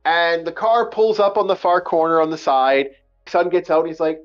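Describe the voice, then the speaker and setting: High-voiced man, animated storyteller, swears a lot, dull lo-fi sound. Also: normal speed, soft background music. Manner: animated, profane, acts out dialogue. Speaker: podcast host telling a story. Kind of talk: casual storytelling. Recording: dull lo-fi recording.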